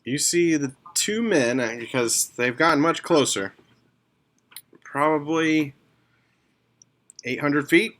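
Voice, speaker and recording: A man narrating a tabletop game as game master, unhurried, with pauses and fillers. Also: fairly high pitch, fairly bright tone.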